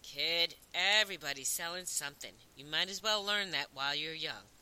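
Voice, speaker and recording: A woman's voice: low voice, normal speed, bright, forceful tone, smooth, low-quality recording. A woman voicing a brusque, busy male newspaper reporter in an audiobook, curt and sarcastic. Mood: impatient. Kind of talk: audiobook reading.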